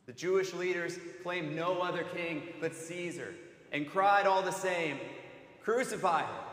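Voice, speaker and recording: Man, high voice, solemn slow sermon, dramatic pauses, echoing church hall. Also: fairly bright tone. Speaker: student ministry director. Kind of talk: Good Friday sermon reflection. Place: cathedral.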